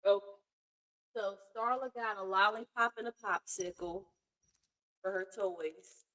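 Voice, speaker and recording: A woman's voice: medium pitch, measured pace, bright, forceful tone, rough recording. A woman vlogging casually at home, chatting to her cat and the camera with offhand swearing.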